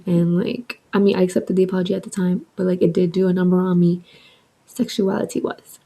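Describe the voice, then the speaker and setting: A woman in her twenties tells a personal story in a casual, animated vlog. She fills her talk with "like" and drops swears freely. Her voice is mellow and slightly husky. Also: medium pitch, moderate pace, poor audio. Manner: chatty, heavy use of "like", swearing, animated retelling. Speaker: vlogger. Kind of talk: casual storytime with soft ASMR eating.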